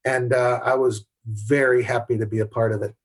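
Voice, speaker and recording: A middle-aged man guesting on a podcast shares candid, anecdotal stories from his camera career in a conversational style. His medium-pitched, steady voice runs a little fast, and he keeps restarting sentences.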